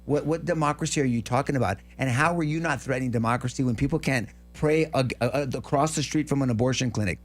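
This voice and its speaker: A man's voice: mid-range voice, fast, few pauses, faint music behind. A man co-hosting a political talk show, rambling and profane, often stumbling and restarting his sentences. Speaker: co-host.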